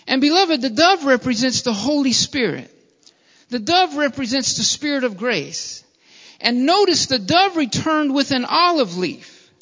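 High bright-voiced pastor preaching, earnest and repetitive, dull lo-fi recording. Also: male voice, sing-song, unhurried. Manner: earnest preaching, repeats phrases, addresses listeners as beloved. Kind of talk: sermon. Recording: dull lo-fi sound with long hall reverb.

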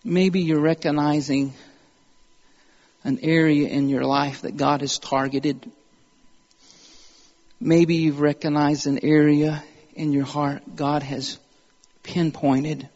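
A man preaching a sermon in church, moving from calm storytelling to impassioned exhortation. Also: fairly high pitch, slow pace, long pauses, long reverb tail, muffled recording.

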